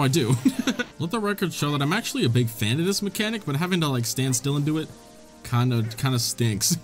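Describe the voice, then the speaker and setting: A young man hosting a let's-play, commentating casually and joking back at the game's characters. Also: a little high. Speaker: gaming channel host.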